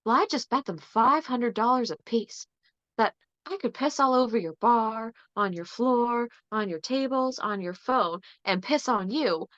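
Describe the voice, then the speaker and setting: A man's voice: very high-pitched, a little slow, fairly bright tone, no echo. A woman doing a sly betting man in a bar joke. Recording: dull lo-fi sound.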